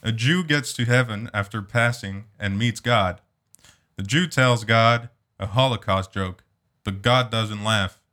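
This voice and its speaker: A man hosting a casual podcast chat, reading dark jokes aloud, laughing and swearing freely. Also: fairly low pitch, unhurried. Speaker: podcast host.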